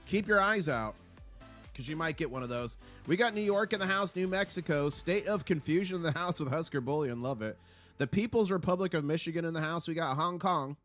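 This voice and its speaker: Upbeat man hosting a livestream. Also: fairly high pitch. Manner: upbeat, shout-outs to viewers. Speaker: livestream host. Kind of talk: casual live chat.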